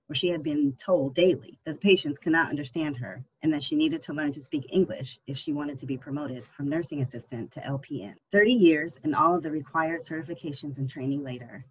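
An audiobook narrator reading a novel in a steady, even storytelling manner. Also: mid-range voice, slightly rough, low-quality recording. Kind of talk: scripted narration.

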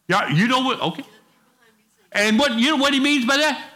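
A man's voice: high-pitched, normal speed, bright, forceful tone. A middle-aged male pastor preaching a sermon in a folksy, conversational way, with casual asides to the congregation.

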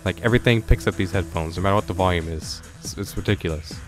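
Rambling, joking podcast host. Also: male voice, sits low, quick pace, music in the background. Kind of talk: casual chat. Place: home, over a voice call. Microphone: headset.

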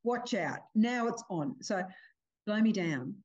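An older woman hosting a podcast, telling a family story in a lively, chatty way over a video call. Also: mid-range voice, slow, lo-fi sound. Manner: animated storyteller, acts out family quotes. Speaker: podcast host. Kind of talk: casual chat.

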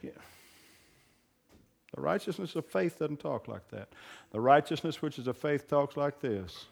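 A man preaching a sermon as pastor, moving from low conversational talk to loud, fervent preaching. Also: animated, measured pace, creaky. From raised on a farm. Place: church hall. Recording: long reverb of a church hall.

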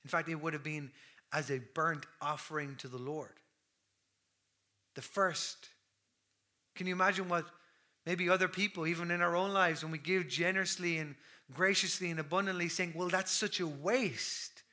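Bright-voiced preacher, impassioned. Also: male voice, fairly high pitch, fairly even intonation, normal speed, long pauses. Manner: impassioned, swinging from loud declarations to hushed near-whispers. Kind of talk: sermon.

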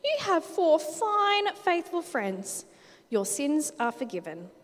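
A friendly, inviting Jesus from a children's storybook, as a woman reads him aloud with lively ups and downs in her voice. The sound carries a long church-hall reverb. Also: high voice, slow, pitched above the performer's own voice, heavily acted. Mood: warm. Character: kind welcoming Jesus, a grown man in a storybook.

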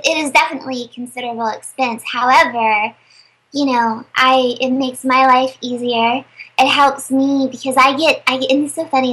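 Brief: young woman voice actor, high and bright, chatty interview guest. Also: husky, low-quality recording. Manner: chatty, animated storyteller with many fillers. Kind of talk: casual interview chat.

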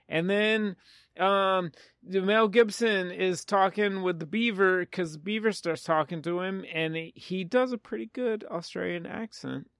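A man's voice: high voice, slow, fairly bright tone, clear, resonant tone, dry recording, studio quality. A man casually recapping a film's plot on a podcast, rambling and poking fun at himself. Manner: rambling, self-mocking plot summary. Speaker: podcast co-host. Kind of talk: casual movie-recap chat.

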